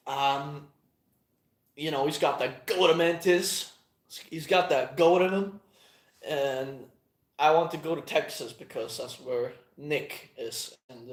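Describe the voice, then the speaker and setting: A man talking casually in a rambling monologue, swearing often and trailing off with plenty of fillers. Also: fairly high pitch. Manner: profane, meandering, halting with many fillers. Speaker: channel host. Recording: echoey room.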